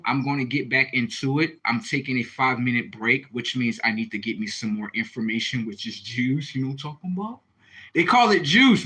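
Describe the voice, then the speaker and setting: Brief: male livestream host, husky and bright, loose and profane. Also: fairly high pitch, rough recording. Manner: profane, animated, rambling, reads viewer comments. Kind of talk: casual livestream chat.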